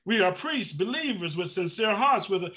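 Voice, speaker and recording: A man preaching a fervent sermon, surging from hushed prayer to shouts and repeating his words. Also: sits high, animated, moderate pace. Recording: muffled lo-fi sound.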